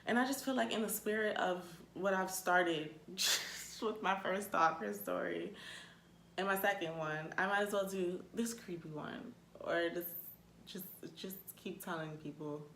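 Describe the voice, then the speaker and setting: A young woman telling a storytime rant in a casual vlog, animated, swearing freely and saying "like" a lot. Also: on the low side, measured pace, creaky. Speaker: vlogger. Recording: echoey room.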